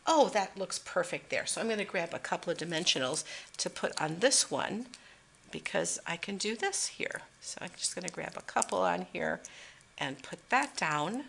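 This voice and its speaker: A woman's voice: on the low side, animated, moderate pace, creaky, fairly bright tone, slightly rough. A woman demonstrating a papercraft project at her craft table, chatting and thinking aloud with fillers as she works. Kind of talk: casual craft tutorial.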